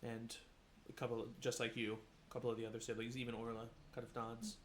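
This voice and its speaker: Relaxed, monotone male game master. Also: medium pitch, fast, a little hiss or hum. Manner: relaxed, with fillers. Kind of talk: narrating a tabletop game.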